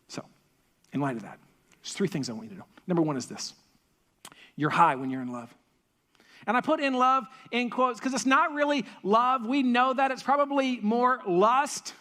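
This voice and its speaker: A man pastor preaching a sermon in a church, animated and repetitive for emphasis, with joking asides. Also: very high voice, moderate pace. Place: church stage.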